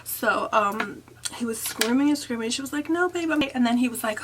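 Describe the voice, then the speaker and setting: A young woman vlogger telling a story in a chatty, animated way, with many fillers and hushed asides. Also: a little high, a little fast, noisy background. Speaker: makeup artist and vlogger. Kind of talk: casual storytime.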